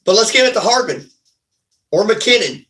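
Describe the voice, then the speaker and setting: A man giving an excited fan recap of a football game, animated and ranting, repeating himself. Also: sits high, normal speed, low-quality recording. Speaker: sports fan vlogger.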